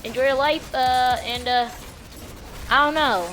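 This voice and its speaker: A woman casually telling a true story on her vlog in a rambling, slangy, animated way. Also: high voice, a little slow, a little hiss or hum.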